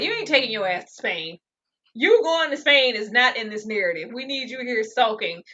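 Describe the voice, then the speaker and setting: A woman's voice: on the high side, pushed and bright. A woman co-hosting a casual TV recap, ranting with exasperated emphasis. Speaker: TV recap co-host. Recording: dull lo-fi recording.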